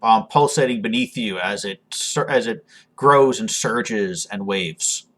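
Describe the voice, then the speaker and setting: A man narrating as game master of a tabletop game, halting with frequent ums and restarts. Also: fairly low pitch, fairly bright tone.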